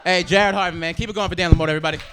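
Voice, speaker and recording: A man hosting a comedy show, loudly hyping up the next act from the stage. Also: high-pitched, fairly even intonation, rapid-fire, a crowd in the background. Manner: loud, hype-building. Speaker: show host. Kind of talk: stage emcee introductions.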